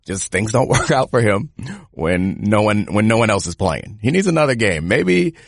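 A man's voice: lowish voice, animated, moderate pace, gravelly, no room sound, studio quality. A man who once played pro football co-hosts a podcast, reasoning through football talk in a laid-back way and laughing often. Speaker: podcast co-host, former player. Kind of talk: casual sports analysis.

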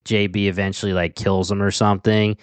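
A podcast co-host with a Delaware County accent talks in an eager, rambling way, circling back over his words. His voice is low, smooth and resonant. It sounds close and dry, with no room around it. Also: flat delivery, brisk, dry recording. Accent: Delaware County, Philadelphia area. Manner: enthusiastic, rambling with restarts. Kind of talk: casual chat.

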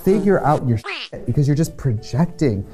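A man's voice: fairly high pitch, sing-song, moderate pace, mellow, faint music behind. A man in his thirties, a drag performer co-hosting a comedic chat, talking in a brash, mock-ranting way. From Wisconsin, United States. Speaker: co-host.

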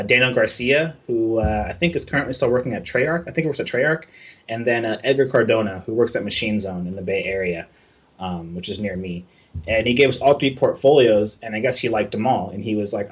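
A man from Southern California, a game artist guest, telling a story in a relaxed, casual way and swearing freely. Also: fairly low pitch, brisk, breathy edge. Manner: relaxed, swears freely, acts out voices in anecdotes.

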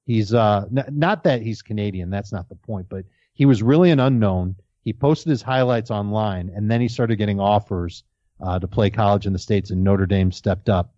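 Mellow-voiced man chatting football on a podcast. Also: on the low side, moderate pace, no room sound. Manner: enthusiastic, restarts words often. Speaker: fantasy football podcast co-host. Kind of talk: casual podcast discussion. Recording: dull lo-fi audio.

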